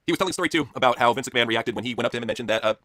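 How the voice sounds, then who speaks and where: A man rattles through a casual wrestling chat at a very fast clip. He jokes crudely as he goes. His voice is bright and sits dry and close to the mic. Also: mid-range voice, no echo. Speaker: podcast co-host.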